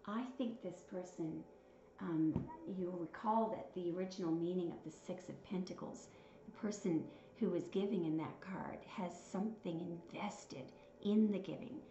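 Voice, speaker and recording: This tarot reader has a voice on the low side and keeps a moderate pace while she counts out cards and reflects aloud, conveying each message with feeling. Soft background music fills a slightly dull, roomy-sounding recording.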